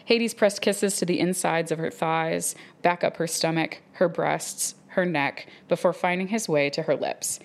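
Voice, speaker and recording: Low gravelly woman reading aloud. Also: a little slow, hardly any pauses. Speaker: podcast co-host. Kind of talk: reading a steamy romance novel aloud.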